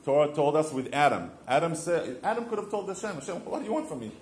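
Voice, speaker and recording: A man's voice: fairly high pitch, very animated, fast talker, a little mellow, echoey room. A man hosting a podcast, telling stories and teaching about marriage in an informal way, asking questions and answering them himself. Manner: storytelling, asks and answers his own questions. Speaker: podcast host giving marriage advice. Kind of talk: informal religious teaching monologue.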